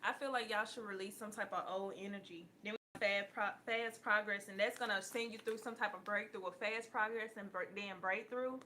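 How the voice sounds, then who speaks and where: A woman giving a blunt, profane casual talk to her viewers as a tarot reader, laughing often and getting loud at times. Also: medium pitch, fairly even intonation, fairly quick, hardly any pauses, a little hiss or hum.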